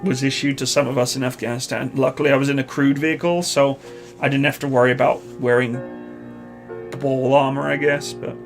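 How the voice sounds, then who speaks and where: A Canadian man, likely in his thirties, hosting a live stream, reading viewer questions and answering in a relaxed, rambling way with many pauses. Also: mid-range voice, faint music behind. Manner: relaxed, chatty, hesitant with many uhs.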